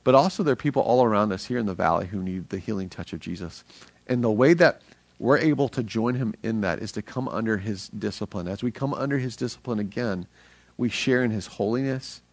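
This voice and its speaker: A middle-aged man preaching a sermon as a pastor, energetic and earnest, speaking conversationally with frequent restarts. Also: on the low side, brisk, vocal fry, no room sound.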